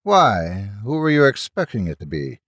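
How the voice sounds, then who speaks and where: A man's voice: fairly low pitch, huge pitch swings, normal speed, fairly bright tone, no echo, clean studio sound, exaggerated voice. A man voicing an anxious male doctor held captive, who speaks urgently and with sarcasm. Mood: tense.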